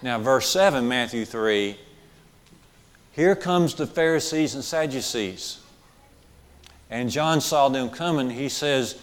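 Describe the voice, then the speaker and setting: A man's voice: mid-range voice, expressive, normal speed, big-room sound. A male preacher delivering a sermon, repeating key phrases for emphasis and checking in with listeners with questions and frequent "okay"s. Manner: says okay often, asks questions of the listeners.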